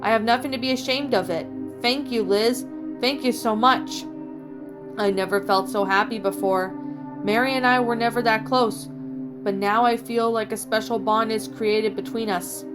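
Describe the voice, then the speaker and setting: A woman's voice: fairly high pitch, steady tone, moderate pace, over music, natural voice. A woman voicing a disfigured, skinless teenage girl who turns murderous in a spoken horror story. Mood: grateful.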